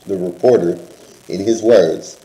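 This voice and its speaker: A man's voice: low voice, unhurried, warm tone, echoey room, low-quality recording. A man co-hosting in casual chat, slangy and joking, talking straight to viewers. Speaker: co-host.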